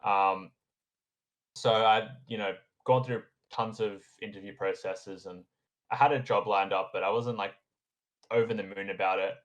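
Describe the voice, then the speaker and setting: A young man with a fairly low voice talks casually as a podcast guest. He rambles, fills pauses and restarts his sentences in an easygoing, unscripted way. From Australia. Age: young adult. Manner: relaxed and rambling, with frequent fillers and restarts. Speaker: podcast guest, engineering graduate. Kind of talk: casual conversation.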